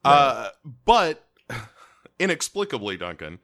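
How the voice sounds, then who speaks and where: A man co-hosting a podcast in casual chat, deadpan and rambling with lots of fillers. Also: medium pitch, takes it slowly. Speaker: podcast co-host.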